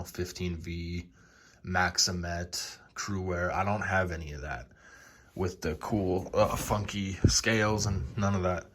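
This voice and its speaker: A young man casually showing his knife collection, relaxed and enthusiastic, with lots of fillers. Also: low voice, slightly rough. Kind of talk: casual show-and-tell.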